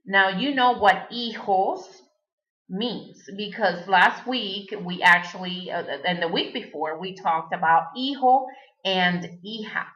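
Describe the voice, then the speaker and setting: A woman's voice: mid-range voice, slow pace, sharp tone. A native Spanish-speaking woman giving a recorded language lesson, patiently repeating words for the learner. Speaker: Spanish teacher. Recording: dull lo-fi recording.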